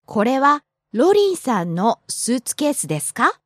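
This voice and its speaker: Lively, breathy Japanese woman teaching. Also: high-pitched, quick pace, dry recording, clean studio sound. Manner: lively, giggly, demonstrates pronunciation. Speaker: language teacher. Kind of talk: casual teaching chat.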